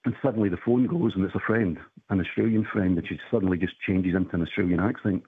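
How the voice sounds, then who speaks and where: A low, husky man on a tinny phone line, telling family stories slowly and hesitantly with lots of ums. The sound is dry and narrow-band. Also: dry recording. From Scotland. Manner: reflective, hesitant with many ums. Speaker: caller.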